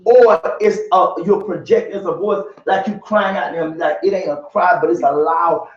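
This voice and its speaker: A man preaches to a bible study group with a high, animated voice full of colloquial turns and mimicry. He sounds distant in an echoey church room, on a dull, muffled recording. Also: normal speed.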